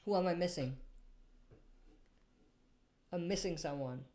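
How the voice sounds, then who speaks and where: A woman with a lowish, dark-toned voice speaks a little slowly, with a bit of hiss or hum in the audio. She hosts a casual live stream, reading out viewer comments and rambling through her answers while frequently correcting herself.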